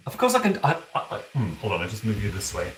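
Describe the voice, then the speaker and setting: On the low side and fairly quick, his pitch swoops wildly as he hams up a flamboyant owl demon prince of aristocratic stock. The cosplay streamer giggles through an in-character cooking stream, calling viewers "darling" amid kitchen echo and background noise.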